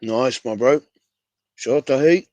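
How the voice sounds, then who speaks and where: A man's voice: mid-range voice, slow pace, a little mellow, no room sound. A man with a New Zealand accent hosting a casual fan livestream, laid-back and slangy, calling everyone bro. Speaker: fan show host.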